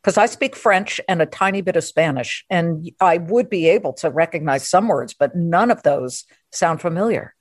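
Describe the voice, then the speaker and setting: A woman hosting a podcast, chatting playfully and firing off quick questions in a casual interview. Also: on the low side, no room sound, clean studio sound. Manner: lively, playful, asks rapid questions. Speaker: podcast host.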